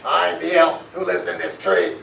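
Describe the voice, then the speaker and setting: A man voicing a tiny, very old, irritable male tree elf with a deep, raspy, nasal voice, speaking slowly and grumpily at a live storybook reading. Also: sing-song, bright, forceful tone, a little hiss or hum, heavily acted. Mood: irritated. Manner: slow, grumpy, threatening. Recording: echoey school room, far from mic. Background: children in the audience.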